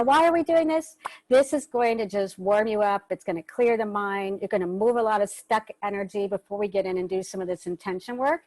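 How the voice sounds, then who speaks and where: Woman, workshop host, casual and chatty, higher voice, dry close sound, video call. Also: darkish tone, dry recording, poor audio. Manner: chatty, loose, occasional swearing. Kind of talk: casual guided instruction.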